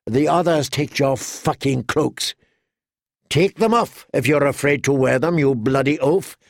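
A sharp-tongued, commanding nobleman, read by a man in this audiobook. The voice is a touch gravelly and sits in a dry, close sound. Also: mid-range voice, measured pace, dry recording.

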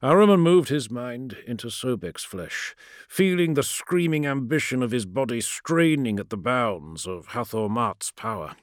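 A man narrating a fantasy audiobook in a steady, darkly dramatic way. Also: medium pitch, a little slow, no room sound, clean studio sound.

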